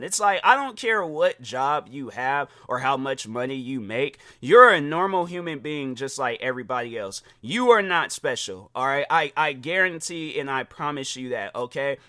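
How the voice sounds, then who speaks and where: A young man hosting a podcast, telling a story in a casual, animated rant, acting out quoted voices and laughing often. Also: on the high side, dry recording, clean studio sound. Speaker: podcast host.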